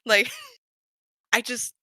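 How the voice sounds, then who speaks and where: A woman's voice: drawn-out words, sharp tone, no echo. A woman voicing an earnest, melodramatic young man who keeps apologising to his friend in a soothing voice. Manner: apologetic, breathless with giggles, soothing.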